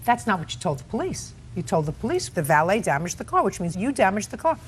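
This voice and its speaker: Woman TV judge, lively swooping pitch, blunt and scolding, slight background noise. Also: fast. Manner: sharp, scolding, interrupts constantly. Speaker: TV court judge. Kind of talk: courtroom TV show. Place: TV courtroom set.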